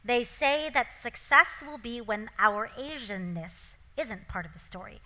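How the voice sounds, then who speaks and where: A woman with a somewhat high voice and a very bright, forceful tone. She is a guest chatting loosely with plenty of fillers, then reading passages of her own book aloud. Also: measured pace, poor audio. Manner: chatty, many likes and ums. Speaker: guest author and actor. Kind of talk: conversation and reading from her memoir.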